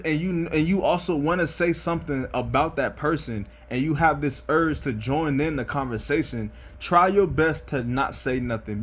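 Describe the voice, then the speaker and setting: A young man giving life advice in a casual monologue, earnest and rambling, repeating himself and tagging lines with "bro" and "you know what I'm saying". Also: on the high side. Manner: earnest, gets worked up.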